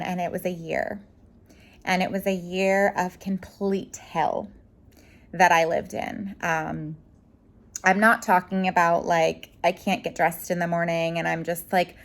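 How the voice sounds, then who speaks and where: A woman's voice: fairly low pitch, little pitch movement, unhurried, vocal fry, fairly bright tone. A woman in her thirties telling a personal story to camera at home, bubbly and chatty but emotional, with lots of "like" and restarts. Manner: bubbly, rambling, emotional, talks with her hands in words like "like". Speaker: home organizing vlogger. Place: home room with a curtain.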